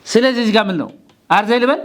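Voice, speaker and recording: A man's voice: very high-pitched, rapid-fire. A man teaching an English grammar lesson in a classroom, quizzing his students and mixing English with Amharic.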